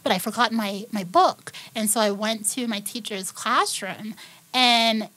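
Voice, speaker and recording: A woman's voice: fairly high pitch, unhurried, sharp tone, rough recording. A woman guest telling a personal story in a podcast interview, acting out the people in it and speaking earnestly about her faith. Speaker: guest singer. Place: recording studio.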